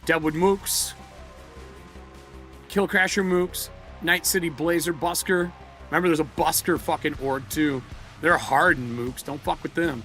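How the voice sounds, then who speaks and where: A man's voice: a little high, steady tone, unhurried, long pauses, pushed and bright, soft background music. A man hosting a casual live stream, reading from a book aloud and riffing with profanity. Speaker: streamer host.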